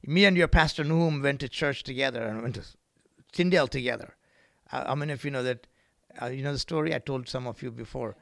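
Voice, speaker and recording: A middle-aged man from India preaching a sermon as a guest pastor, moving from quiet reflection to loud, emphatic bursts with rhythmic repetition. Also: medium pitch, fast, creaky, no echo, clean studio sound. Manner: repetitive, rhythmic preaching with frequent "right?" and "amen?".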